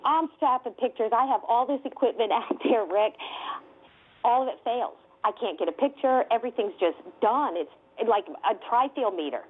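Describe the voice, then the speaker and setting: A woman investigator telling a story with excitement, laughing often and using many fillers. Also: a little high, moderate pace, slightly rough. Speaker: guest UFO investigator. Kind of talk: animated storytelling. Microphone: telephone. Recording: tinny phone line.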